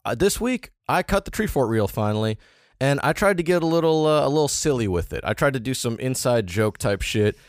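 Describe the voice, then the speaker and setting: A man's voice: medium pitch, lively intonation, brisk, dry recording, clean studio sound. A young man co-hosting a podcast, chatting loosely and swearing often. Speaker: podcast co-host. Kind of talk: casual chat.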